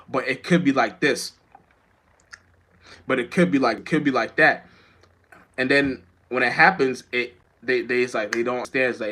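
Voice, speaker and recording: A man's voice: mid-range voice, fairly bright tone. A young man, a rapper, chatting loosely to viewers on a livestream, often losing his train of thought and swearing freely. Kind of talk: rambling casual livestream chat.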